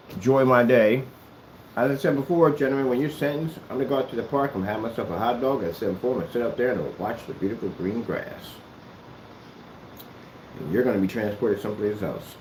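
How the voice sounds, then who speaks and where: A man's voice: mid-range voice, darkish tone, slight background noise. A man ranting at someone straight to the camera, scolding and sarcastic, with a lot of repetition. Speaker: vlogger. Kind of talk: confrontational address to camera. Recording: echoey room.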